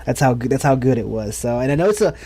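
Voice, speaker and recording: Fast and lively in intonation, this American podcast co-host in his thirties has a medium-pitched voice with a dark tone. His casual conversation is rambling, enthusiastic, and full of restarts.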